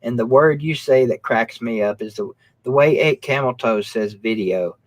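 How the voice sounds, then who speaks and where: A man's voice: mid-range voice, normal speed. A man hosting a casual live stream, joking, swearing and reading comments. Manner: profane, joking, reads comments. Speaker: host.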